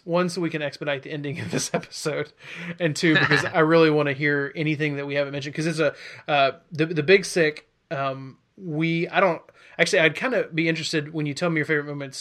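A man's voice: on the high side, fairly bright tone. A man hosting a casual chat podcast, talking in a rambling, hesitant way with lots of fillers. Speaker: podcast host.

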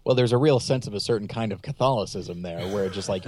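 A man's voice: fairly low pitch, fast talker, darkish tone. A man chatting casually about films, rambling and correcting himself, with joking asides. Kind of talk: casual film chat.

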